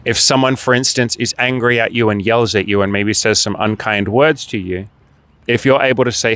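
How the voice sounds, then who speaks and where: A man's voice: medium pitch, moderate pace, fairly bright tone, no echo. A man speaking as a dating and life coach in a direct-to-camera motivational monologue, blunt and emphatic, swearing freely and firing off rhetorical questions.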